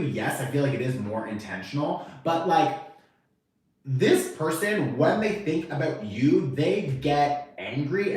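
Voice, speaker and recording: A man giving a casual, animated tarot reading to camera, chatty and swearing now and then, acting out the reactions he quotes. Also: fairly high pitch, recorded from a distance. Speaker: tarot reader. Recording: very echoey room, voice off-mic.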